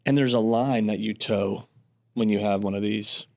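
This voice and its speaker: A man with a low voice tells a story on his podcast. His delivery is relaxed and halting, with fillers and self-corrections as he goes. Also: gravelly. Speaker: podcast co-host. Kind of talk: casual storytelling.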